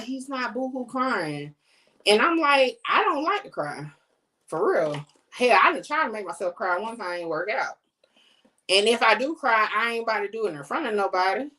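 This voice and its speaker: A middle-aged woman hosting a podcast from home, talking in a blunt, slangy, animated way. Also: fairly high pitch. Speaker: podcast host. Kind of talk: casual chat to camera.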